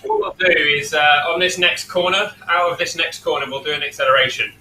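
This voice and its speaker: A man's voice: on the high side, very animated, brisk, background noise. A man leading a group ride, explaining plans in a matter-of-fact way with many fillers. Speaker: ride leader. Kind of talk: casual explanation. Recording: roomy, distant mic with faint ambience.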